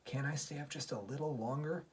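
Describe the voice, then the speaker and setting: A man voicing an eager, stubborn little girl from a bedtime storybook in a high, pleading childlike voice. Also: brisk, close to an everyday voice.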